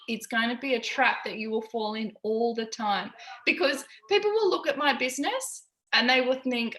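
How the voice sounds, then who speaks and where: A woman with a slightly high, pushed and bright voice coaches her team on a live call, candid and encouraging and swearing freely. She's at a busy home with kids audible in the background, and the recording has a roomy echo.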